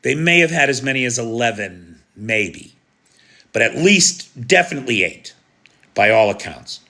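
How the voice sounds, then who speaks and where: A man's voice: medium pitch, very animated, moderate pace, bright, forceful tone. An American man giving live, opinionated news commentary in a conversational way, often asking "right?". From United States.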